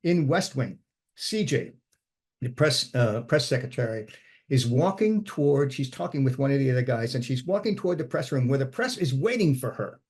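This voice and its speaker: A man with a mellow, dark-toned voice leads a relaxed writing workshop. He talks in a conversational way, thinking aloud and circling back as he explains screenwriting ideas. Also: mid-range voice, normal speed, husky. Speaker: screenwriting instructor. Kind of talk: informal writing workshop talk.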